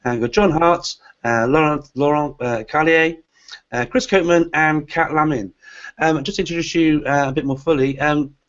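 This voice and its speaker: A man's voice: on the high side, moderate pace, fairly bright tone. A man hosting a live online webinar for teachers, introducing guests with many hesitant "uh" fillers. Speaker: host. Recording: lo-fi online call audio.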